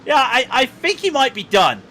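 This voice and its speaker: A man commentating on a sim racing stream, chatty and excitable with quick asides. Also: very high-pitched, slight background noise. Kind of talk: live race commentary chat.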